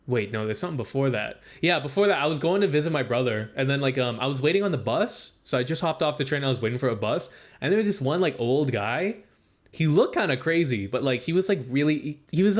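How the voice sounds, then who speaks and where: In a casual podcast chat, a young male co-host rambles through a long story stuffed with "like." When quoting people, he acts their words out and pushes his pitch up.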